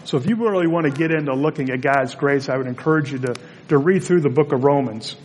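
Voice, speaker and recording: A man preaching a conversational sermon as pastor, in a relaxed and chatty storytelling manner, in a church sanctuary. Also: a little high, quick pace, long reverb tail, slight background noise.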